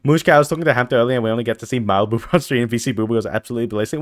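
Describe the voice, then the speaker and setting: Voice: medium pitch, racing, few pauses, no echo, clean studio sound. A streamer chatting playfully with viewers during a long gaming stream, reading chat aloud and teasing back, sounding tired. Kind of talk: casual live-stream chat while gaming.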